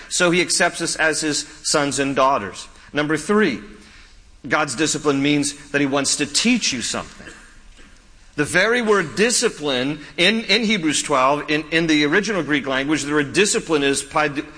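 A male pastor delivers a sermon with emphatic repetition and joking anecdotes. His voice is bright and ringing, pitched a little high for a man. A long hall reverb trails after each phrase. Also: expressive, normal speed. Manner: emphatic, repeats key lines for emphasis; humorous storytelling asides with laughter.

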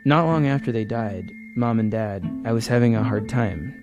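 A man's voice: lowish voice, moderate pace, lo-fi sound, over music, lightly acted. A man reading aloud a haunted, driven young man of twenty-five who confesses his past with intensity. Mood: confessional. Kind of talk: reading a comic script aloud.

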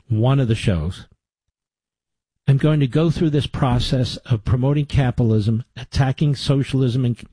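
A middle-aged man hosts a talk radio show in a medium-pitched voice with a dark tone and breathy edge, recorded dry. Into the studio microphone he delivers a combative yet conversational monologue, tossing in sarcastic asides.

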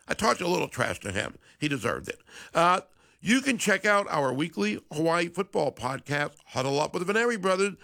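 A man's voice: on the high side, sing-song, a little fast, creaky, pushed and bright. A middle-aged man hosting a sports talk show, chatting casually and wryly, sometimes correcting himself mid-sentence. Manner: chatty, self-correcting, wry. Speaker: sports radio host.

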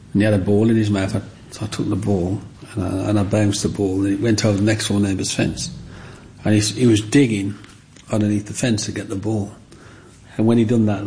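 In an interview, a man reminisces about his childhood, acting out the other kids' voices whenever he quotes them. His voice sits on the low side, with vocal fry and a darkish tone, and there's slight background noise.

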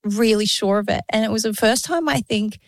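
A woman's voice: on the high side, brisk, dry recording, studio quality. Candid woman in her late thirties. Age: 30s. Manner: open and emotional, laughs through tough topics. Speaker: podcast co-host. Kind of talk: candid casual chat.

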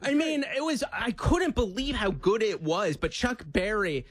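A man's voice: sits high, sing-song, unhurried, no room sound, clean studio sound. A man who wrote a book, a guest in a casual conversation, explaining with anecdotes. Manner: fluent, anecdotal, explains with examples. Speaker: author and guest.

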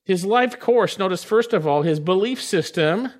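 A man's voice: high voice, expressive, moderate pace. A man preaching a sermon, reading scripture and stressing key phrases with emphasis. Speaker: pastor.

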